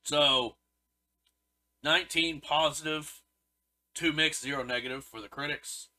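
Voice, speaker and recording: A man's voice: on the high side, steady tone, a little slow, pushed and bright, low-quality recording. A man co-hosting a casual podcast, reading out review scores in a dry, matter-of-fact way. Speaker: podcast co-host. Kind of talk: casual movie review chat.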